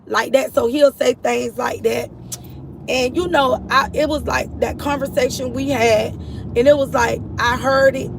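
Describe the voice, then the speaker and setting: A grieving mother shares her story as a personal testimony to her followers, earnest and repetitive, calling them y'all. Her high voice has a gravelly edge, fairly even intonation, and an unhurried pace. The low-quality recording picks up outdoor street noise and passing vehicles.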